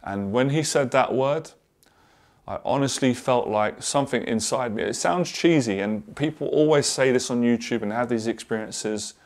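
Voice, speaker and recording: A man, a confidence coach, telling his own story to camera in a candid, earnest way with frequent halting restarts. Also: mid-range voice. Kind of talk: personal story told to camera.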